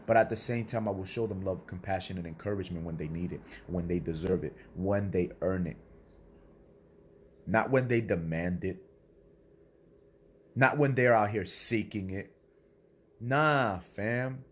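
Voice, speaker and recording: A man's voice: low voice, normal speed, pauses often, slightly rough. A man delivering a blunt, profane motivational sermon, preaching in a confrontational way to other men and swearing freely. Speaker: self-styled spiritual speaker.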